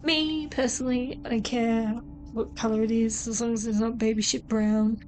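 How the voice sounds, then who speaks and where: An Australian woman, a nail artist vlogger, chats casually and cracks jokes while demonstrating a nail tutorial, swearing frequently. Her voice is a little high and a little mellow, with fairly even intonation at normal speed, and faint music plays behind her.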